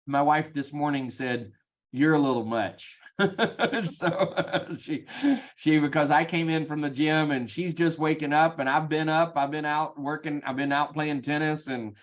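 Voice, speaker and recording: A man leading a sales team meeting, energetic and chatty, with frequent ums, over a video call. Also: fairly high pitch, unhurried, lo-fi sound. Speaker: real estate team leader.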